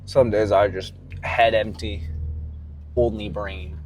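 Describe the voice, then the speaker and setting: A man's voice: lowish voice, fairly even intonation, slow, a little mellow, slight background noise. Profane rambling man vlogging from a car. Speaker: fitness vlogger. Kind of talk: casual vlog rant.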